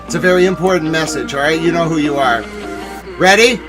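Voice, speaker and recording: A man hosting a casual livestream, talking in an upset, rambling, repetitive way that swings from quiet to loud. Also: a little high, brisk, over music. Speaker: host of a nightly news recap stream.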